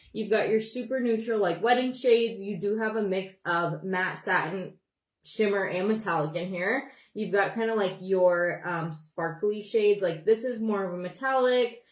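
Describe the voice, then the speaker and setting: A young Montana woman hosts a beauty livestream, chatting casually and rambling while she does her makeup and greets viewers by name. Her voice is medium in pitch, and the recording has a roomy sound.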